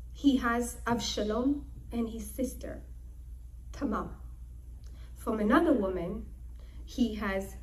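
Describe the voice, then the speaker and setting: A woman's voice: fairly high pitch, darkish tone. A woman teaching the Torah as a dramatic retelling, emphatic and full of repeated phrases. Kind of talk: dramatic retelling of a Bible story.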